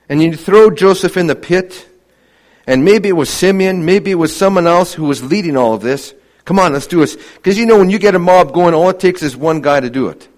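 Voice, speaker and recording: In a slightly high voice, a man preaches a sermon with earnest conviction. He poses many rhetorical questions and sinks into a hush when he wants to stress a point.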